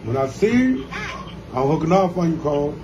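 A man's voice: on the high side, big pitch swings, a little fast, noisy background. A man ribbing a friend on a phone call in a teasing, mock-threatening way. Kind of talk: comedic phone banter.

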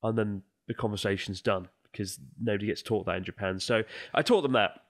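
A man's voice: on the low side, fairly quick. A man from England co-hosting a podcast in casual chat, joking and laughing with his co-host.

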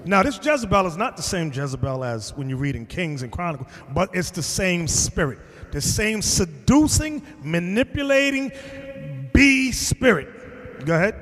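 A man with a very high, animated voice preaches to a class, jabbing his points home and breaking into shouts. His words ring out with a long reverb, as in a big hall. He sounds emphatic and confrontational. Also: moderate pace. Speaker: bishop teaching a class. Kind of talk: preaching lesson.

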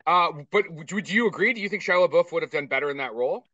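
Man, casual movie podcast, profane ranting, bright tense voice, dry room, distant dull mic. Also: fairly high pitch, expressive, rapid-fire, dry recording. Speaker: podcast co-host. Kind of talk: casual movie review chat.

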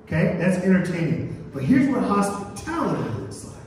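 A man's voice: high-pitched, wildly swooping pitch, normal speed, a little mellow. Male pastor, preaching, call-and-response, echoey sanctuary, faint room noise. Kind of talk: sermon. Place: church sanctuary. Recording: roomy church hall, mic at a distance.

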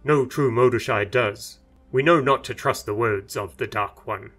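A man's voice: medium pitch, a little slow, a bit bright, faint music behind. A man voicing an injured young male monk in a storybook reading, speaking formally and earnestly.

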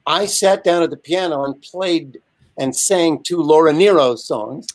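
A man in his seventies, a guest telling a lively, animated anecdote over a video call. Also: fairly high pitch, unhurried. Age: 70s. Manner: lively, animated storyteller with frequent asides. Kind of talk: casual anecdote storytelling.

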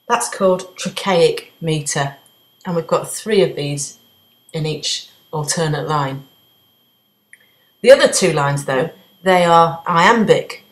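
Low-voiced woman teaching poetry. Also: reverberant, rough recording. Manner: clear, methodical explaining. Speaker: English literature teacher. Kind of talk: exam revision lesson.

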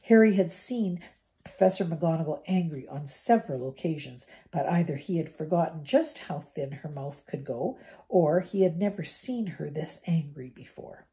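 An older woman reading a children's novel aloud to her grandchildren, expressive, with small slips. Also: low voice, normal speed. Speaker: storyteller.

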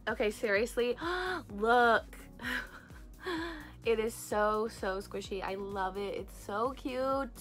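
Bright, gushing young woman unboxing. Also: fairly high pitch. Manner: gushing, excitable, lots of gasps and "so cute". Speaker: craft and squishy channel host. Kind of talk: casual unboxing vlog.

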